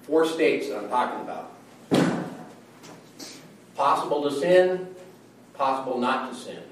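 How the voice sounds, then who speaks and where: A man's voice: medium pitch, expressive, measured pace, far from the mic, a little hiss or hum. A man teaching a Bible study in a conversational way, often checking in with his listeners. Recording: echoey room from afar.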